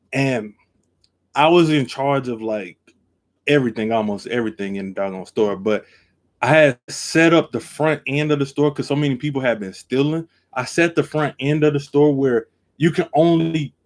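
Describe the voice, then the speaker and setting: A man telling a story on a live stream, acting out each line and jumping from quiet to loud, seated at his desk camera. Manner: acts out every quote, jumps from low to loud. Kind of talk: animated storytelling.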